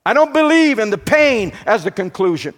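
Male preacher, high-pitched and highly animated delivery, fervent sermon cadence with sudden hushed drops. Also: normal speed. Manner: preaching with rising emphatic bursts and quiet drops.

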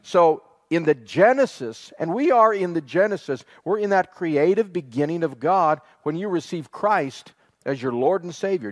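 A man with a fairly high voice preaches an earnest sermon, quoting scripture and stretching out key phrases for weight. His voice rings with a long hall reverb. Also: animated, normal speed.

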